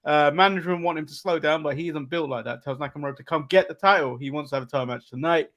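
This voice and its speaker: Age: adult. Sex: man. Origin: from England. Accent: English. Role: podcast co-host. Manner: step-by-step recap with "uh" pauses and chuckles. Pitch: a bit high. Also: a bit bright, highs cut off. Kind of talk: casual wrestling recap chat.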